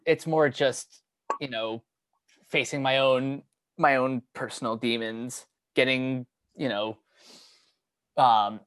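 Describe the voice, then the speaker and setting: A young man talking casually on a podcast, halting with many fillers and restarts. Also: medium pitch, a bit bright, dry recording. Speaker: podcast co-host. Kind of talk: casual chat.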